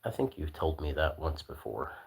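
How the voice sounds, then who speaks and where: Super deep voiced guy chilling on his stream, laid back and rambly. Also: very animated, normal speed, creaky, slightly rough. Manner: laid-back, soft-spoken, rambling with fillers. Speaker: livestream host. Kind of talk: casual livestream chat.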